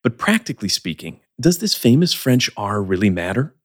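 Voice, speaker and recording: A man teaching English as the host of a scripted podcast lesson, speaking in a clear, measured, explanatory way. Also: lowish voice, sing-song.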